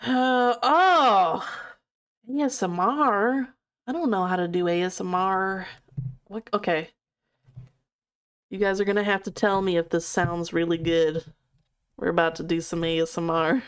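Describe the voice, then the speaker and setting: A woman's voice: mid-range voice, fairly even intonation, unhurried, long pauses, smooth. A young woman talking through a game on a live stream from her home setup, close to a desk mic. She chats freely with her viewers, laughs easily and lets curses slip without a second thought. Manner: chatty, laughs easily, swears casually, talks to chat. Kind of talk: live-stream gameplay commentary. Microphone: desk microphone.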